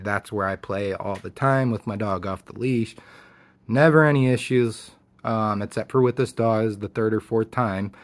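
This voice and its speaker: A man of medium pitch tells a story to camera in a relaxed, blunt way. He talks casually and swears freely. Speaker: vlogger.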